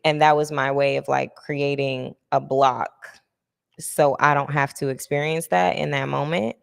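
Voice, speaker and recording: A young woman hosting a podcast, her voice low with a gravelly edge. She talks candidly and reflectively and laughs easily, and her smooth voice trails off into a long reverb. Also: steady tone, unhurried. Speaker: podcast host. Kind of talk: casual podcast chat.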